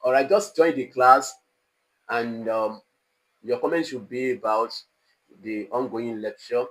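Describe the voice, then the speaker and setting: A man lecturing an online exam-prep class, slow and deliberate, repeating example phrases with exaggerated rises and falls in pitch. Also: rough recording. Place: online class studio with a technician.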